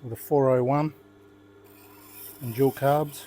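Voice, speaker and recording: A man's voice: medium pitch, fairly even intonation, slow pace, dark tone, a little hiss or hum. An older Australian man, a knife-sharpening host, chatting casually and telling rambling, good-humoured stories while he demonstrates.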